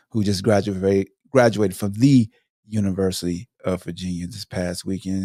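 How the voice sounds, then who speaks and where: A man's voice: deep voice, a little mellow, no echo, clean studio sound. Slangy, emphatic man hosting a podcast. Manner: slangy, emphatic, mocking asides to listeners. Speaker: podcast host. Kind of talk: casual solo podcast commentary.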